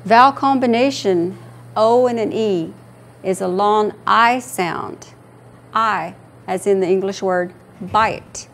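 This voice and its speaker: Slow, patient woman teaching a class. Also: mid-range voice, gravelly, a little hiss or hum. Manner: slow, patient, repeats words for students. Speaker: language instructor. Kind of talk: classroom language lesson.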